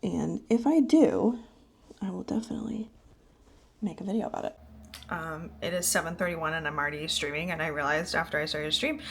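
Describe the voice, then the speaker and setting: A young woman chatting to a handheld camera in her bedroom late at night, tired and rambling. Her voice sits on the lower side for a woman, and she often trails off into soft, near-whispered asides. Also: fairly quick, gravelly, breathy edge. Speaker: vlogger and streamer. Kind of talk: casual chat to camera. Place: bedroom at home. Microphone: handheld vlog camera.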